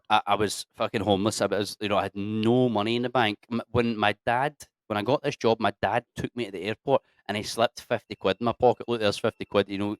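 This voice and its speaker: A man's voice: lowish voice, dry recording, studio quality. A Scottish man chatting casually as an interview guest, swearing freely and putting on voices as he tells stories. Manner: sweary, animated storyteller, puts on voices for locals.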